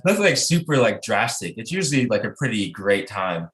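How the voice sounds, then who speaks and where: A man with a lowish voice tells road stories over a video call, and his voice bounces around an echoey room. He talks loosely and animatedly, full of "like" fillers and quick laughs. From Southern United States. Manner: animated storyteller who laughs often and uses many "like" fillers. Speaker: touring band musician, guest. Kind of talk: casual interview chat.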